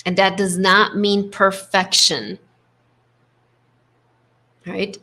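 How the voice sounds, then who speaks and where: Gentle woman coach with "right?" tags. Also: mid-range voice, little pitch movement, extremely slow. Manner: gentle, affirming, frequent "right?" tag; acts out inner voices with shifts in tone. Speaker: host and leadership coach. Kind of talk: spiritual coaching talk to a live group.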